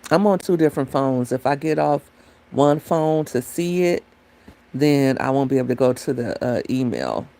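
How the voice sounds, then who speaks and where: With a very deep, warm, mellow voice, a woman runs a laid-back livestream from her phone, speaking straight to her viewers at a moderate pace. Her pitch moves in big swings as she wanders between thoughts and reads chat messages out loud.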